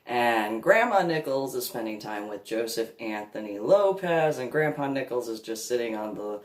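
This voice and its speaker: A woman's voice: very deep voice, animated, normal speed, roomy sound. A woman telling a long personal story in a rambling, casual way, laughing along and acting out what others said. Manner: laughs at her own story, acts out others' voices.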